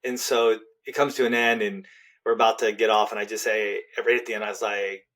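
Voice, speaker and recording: Middle-aged guy on a podcast telling a story from the heart, earnest, gets real quiet on the soft parts. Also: fairly low pitch, level tone, brisk. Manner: earnest, heartfelt, drops to a hush at tender moments. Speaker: podcast guest, relationship author. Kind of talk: personal storytelling in a podcast interview.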